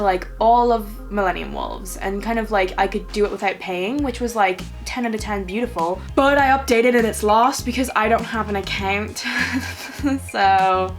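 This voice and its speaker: Giggly woman reading a story aloud. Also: mid-range voice. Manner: giggly, exaggerated, swears often. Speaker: story reader. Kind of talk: casual read-aloud with joking commentary.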